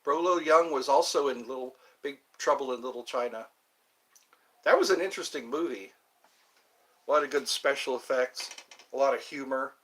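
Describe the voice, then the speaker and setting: A man's voice: mid-range voice, normal speed, pauses often, fairly bright tone, rough recording. A man in his fifties from the United States, hosting a live stream and chatting in a meandering way, full of asides and restarts. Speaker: livestream host. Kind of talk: rambling live-stream chat.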